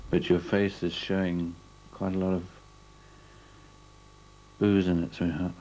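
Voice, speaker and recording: A male documentary interviewer with a very low, warm voice, asking pointed questions in a direct, steady way. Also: measured pace, rough recording.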